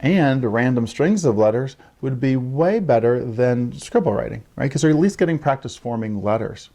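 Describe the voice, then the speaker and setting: A man's voice: mid-range voice, lively intonation, normal speed, mellow. A man who teaches young children explains early writing steps to parents, often checking in with "right?" and acting out what he says to children. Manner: explains with frequent "right?" check-ins and modeled child-directed lines. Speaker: early childhood literacy educator. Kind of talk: instructional talk to parents.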